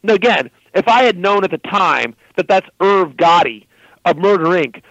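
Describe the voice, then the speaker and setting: A man guest telling a story in casual talk, animated and loose, full of fillers. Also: sits high, normal speed, no echo, dull audio.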